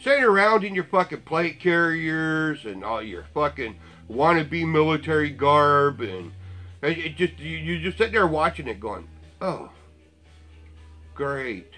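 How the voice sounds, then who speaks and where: A man delivers a blunt, profane rant full of sarcasm. His voice sits a bit high for a man. It has a tense, forceful edge. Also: animated, moderate pace, soft background music. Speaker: vlogger. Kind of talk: ranting commentary.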